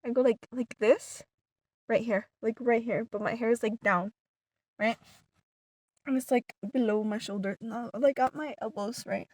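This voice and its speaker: In a fairly high voice at normal speed, recorded dry, a woman casually recounts a long story for her viewers. Her animated retelling is full of "like" fillers and restarts, and at times she whispers certain words.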